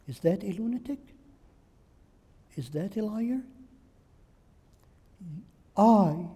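A man's voice: sits high, mellow, slightly rough. Emphatic male preacher in a reverberant hall. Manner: emphatic, rhetorical questions and repetition. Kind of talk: sermon.

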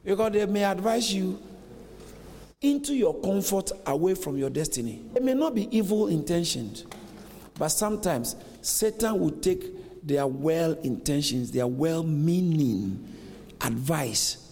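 A man preaches with lively swings of pitch in a slightly raised voice. He acts out the scripture voices as he goes. His words ring with the long reverb of a church hall. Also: a little slow, slight background noise. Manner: animated preaching, acts out dialogue. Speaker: pastor. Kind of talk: sermon.

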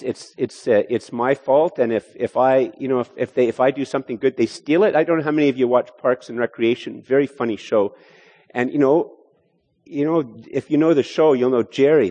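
A male preacher giving a sermon, animated and full of restarts as he voices a skeptic's objections. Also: medium pitch. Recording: hall reverb.

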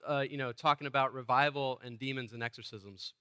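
A man's voice: a little high, fairly even intonation, quick pace, hardly any pauses, bright, forceful tone, smooth. A man preaching a sermon, retelling a Bible story in a conversational way and acting out the speakers. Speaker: pastor.

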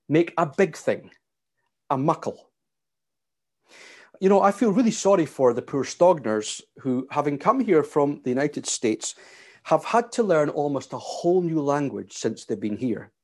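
Man, pastor, sermon, animated pitch, measured and emphatic. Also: breathy edge. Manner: measured, emphatic preaching with repeated phrases.

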